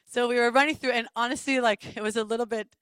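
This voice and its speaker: Woman telling a church testimony, laughs a lot, kinda high voice, dry sound. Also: fast talker, smooth, no echo. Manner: animated storytelling with laughs and restarts. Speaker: worship leader. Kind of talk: sermon testimony.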